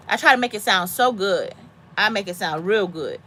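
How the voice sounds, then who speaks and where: A woman in her thirties or forties, a mother talking casually with a friend, animated and dramatic, breaking into high squeaky voices when she quotes herself. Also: fairly quick, slight background noise. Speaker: homesteading mom chatting with a friend. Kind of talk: casual chat.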